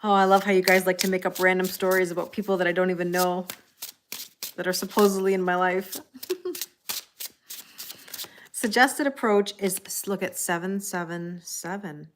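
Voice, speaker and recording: A woman's voice: fairly low pitch, fairly even intonation, fairly quick, slight background noise. A middle-aged woman hosting a live tarot reading, chatting casually, laughing often and answering viewers' comments. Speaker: tarot reader hosting a livestream.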